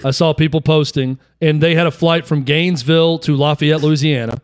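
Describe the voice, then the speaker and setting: A man co-hosting a sports talk show, telling stories in an animated way. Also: on the high side, brisk, clean tone, dry recording, clean studio sound. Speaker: sports radio co-host.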